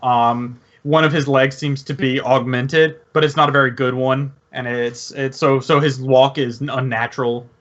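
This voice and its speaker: A man's voice: medium pitch, a bit bright, highs cut off. Hesitant man narrating a tabletop game. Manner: hesitant, many ums and restarts. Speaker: game master.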